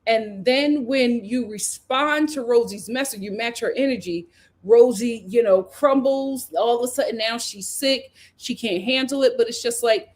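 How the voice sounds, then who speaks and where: Hosting a casual reality TV recap, a woman talks at normal speed in a fairly high, slightly mellow voice. She's chatty and full of opinions, frequently laughing mid-sentence and saying "like" and "you know" constantly.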